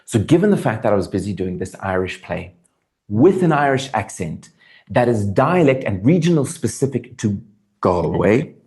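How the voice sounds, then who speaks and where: Animated South African man, earnest. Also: lowish voice, normal speed. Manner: animated, earnest, thinks aloud with restarts. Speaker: actor guest. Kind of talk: interview conversation.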